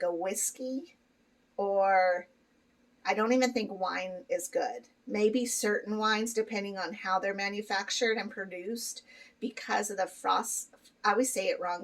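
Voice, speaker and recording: A middle-aged woman talks casually to her vlog audience, candid and chatty, with frequent fillers and easy laughs. Her voice sits at an average pitch and comes across a little distant from the microphone. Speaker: vlogger. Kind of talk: casual chat to camera.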